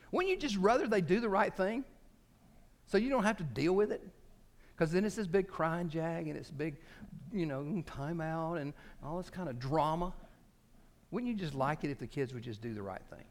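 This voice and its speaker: A man preaching with a lively, swooping voice that sits a little high. He talks to his congregation in a casual, animated way, slipping into quoted voices as he tells the story. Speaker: pastor. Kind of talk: sermon.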